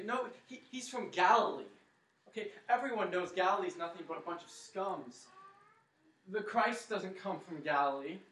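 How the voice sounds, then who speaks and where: A man preaches a sermon to his congregation, telling the story dramatically and leading them in a chant. His voice is a little high and a bit bright, picked up by a distant mic in an echoey church hall.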